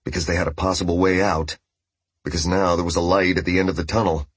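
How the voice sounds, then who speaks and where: A man reading a novel aloud as narrator, in a steady storytelling voice. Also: deep voice, quick pace, slightly rough, dry recording. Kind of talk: scripted audiobook narration.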